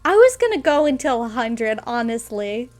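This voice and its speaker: A woman's voice: a little high, sing-song, moderate pace. A young woman streaming a game, reading its text aloud and breaking off to react with squeals and laughter. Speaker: gameplay streamer.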